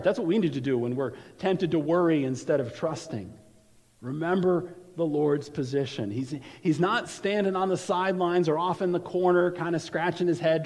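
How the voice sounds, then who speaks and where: A man's voice: fairly high pitch, a little mellow. A man preaching a sermon as pastor, talking conversationally and often repeating words as he starts a phrase. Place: church sanctuary. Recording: long reverb from a large hall.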